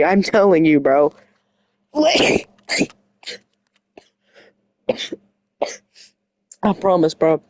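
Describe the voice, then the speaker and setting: Streamer girl ranting, says bro a lot, pitch jumps everywhere, clears her throat, dry sound. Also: no room sound. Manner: animated slangy rant, full of "bro" and "like". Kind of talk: casual chat.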